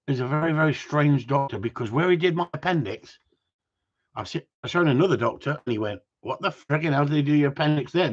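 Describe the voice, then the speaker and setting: A man's voice: medium pitch, slightly rough, highs cut off. A man chatting casually to viewers in a rambling, cheeky way, swearing freely. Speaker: vlogger.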